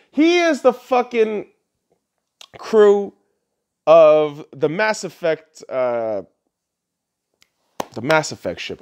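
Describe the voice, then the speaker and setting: Lively, crude ranting man. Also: high-pitched, slow, pauses often. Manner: blunt, crude, mocking; laughs at own jokes. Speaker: podcast host. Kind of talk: profane solo rant.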